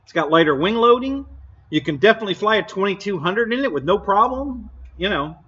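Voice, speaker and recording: A man hosts a casual live stream, answering his viewers bluntly and laughing often. His voice sits a little high and sounds bright and sharp. The stream audio is somewhat dull and lo-fi. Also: lively intonation, brisk, breathy edge.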